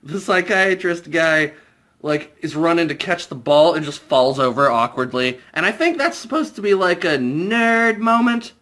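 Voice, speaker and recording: A man's voice: a little high, animated, normal speed, a bit bright. A young man giving a comedic spoiler review of a film, incredulous and mocking, often breaking into laughter. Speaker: movie reviewer.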